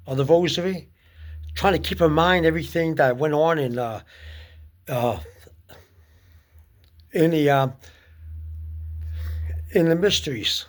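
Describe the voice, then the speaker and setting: A man giving casual spoken advice on prayer, halting often with fillers and restarts. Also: on the high side. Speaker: speaker giving religious advice.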